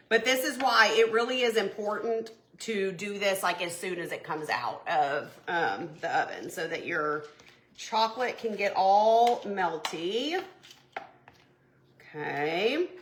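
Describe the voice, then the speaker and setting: A woman's voice: medium pitch, a bit bright, roomy sound, a little hiss or hum. A woman, chatting with viewers while baking in her home kitchen, flustered and talkative. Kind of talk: casual chatty cooking livestream.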